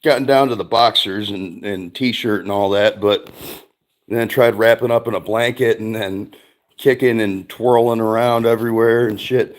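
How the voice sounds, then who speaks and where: A man's voice: fairly low pitch, steady tone, moderate pace. A middle-aged man hosting a stream, rambling through a casual chat with lots of swearing and frequent laughs. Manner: rambling, profane, laughs often. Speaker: streamer host.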